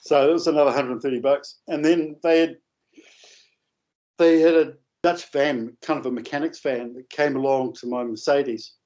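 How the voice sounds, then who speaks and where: A man telling a long, rambling anecdote in a casual, animated way, with coarse language. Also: mid-range voice. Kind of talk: casual storytelling. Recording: dull lo-fi audio.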